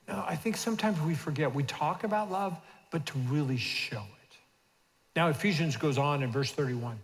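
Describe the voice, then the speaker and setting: An older man preaches a sermon in a church hall with a long reverb tail. His voice sits a little high, and he keeps calling on the congregation to repeat after him. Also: animated, moderate pace. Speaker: pastor. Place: church sanctuary.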